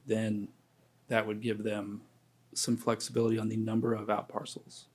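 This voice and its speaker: A man on county staff, explaining permit conditions at a public meeting in a measured, precise way. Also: lowish voice, completely flat delivery, slightly rough.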